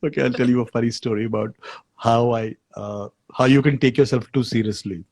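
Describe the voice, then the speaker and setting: Husky-voiced man telling a story. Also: medium pitch, fairly quick, no echo. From India. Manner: animated anecdote-telling with fillers and restarts. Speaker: guest actor. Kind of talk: casual storytelling in a live video chat. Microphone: video call.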